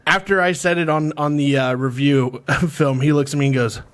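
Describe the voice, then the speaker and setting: A man's voice: fairly high pitch, steady tone, fairly bright tone. Man co-host chatting with a laugh. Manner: laughs along, quick interjections. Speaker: podcast co-host. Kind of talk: casual chat.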